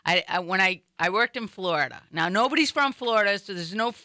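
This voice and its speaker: A woman's voice: mid-range voice, no echo, clean studio sound. A woman from Boston with a Boston accent, telling stories in casual chat and acting out other people's lines. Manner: animated storyteller, acts out others in quick quoted voices. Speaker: guest. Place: studio.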